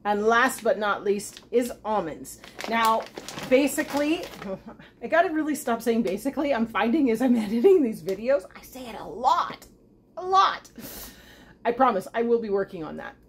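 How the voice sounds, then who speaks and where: A woman's voice: on the high side, expressive, moderate pace, slight background noise. A woman hosting a homesteading channel, chatting in a self-deprecating way as she walks through a recipe in her home kitchen. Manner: chatty and self-deprecating, talking while cooking. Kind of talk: casual cooking demonstration.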